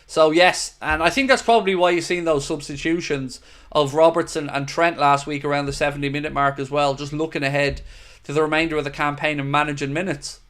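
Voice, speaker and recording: Guy hosting a footy fan stream, fairly high voice, opinionated, keeps saying mate to viewers. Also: fairly even intonation, fairly quick, a bit bright. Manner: opinionated, earnest, talks straight to viewers with "mate". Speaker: host of a football fan watchalong livestream. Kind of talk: casual livestream chat, reading viewer comments.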